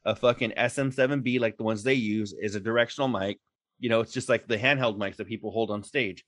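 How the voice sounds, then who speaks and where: A man's voice: lowish voice, fairly even intonation, fast talker, fairly bright tone, dry recording. A man co-hosting a podcast in casual chat, rambling and swearing freely, laughing often. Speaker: podcast co-host.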